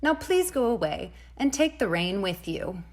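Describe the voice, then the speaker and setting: A woman voicing a fussy little rosebud girl who wants peace and quiet, speaking indignantly in a storybook read-aloud. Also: mid-range voice, sing-song, unhurried. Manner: indignant, emphatic.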